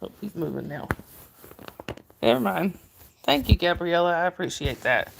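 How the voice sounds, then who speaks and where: A woman's voice: fairly low pitch, sing-song, moderate pace, vocal fry. A woman with a Southern US accent from Georgia, hosting a casual livestream and greeting viewers by name. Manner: chatty, greets viewers by name, laughs often. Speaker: livestream host. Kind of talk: casual live chat reading viewer comments.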